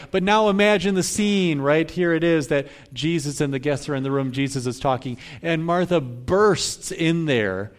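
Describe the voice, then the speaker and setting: A male pastor delivering a sermon in an easy, conversational manner, often tossing "right?" back to his listeners. His voice sits a little high for a man.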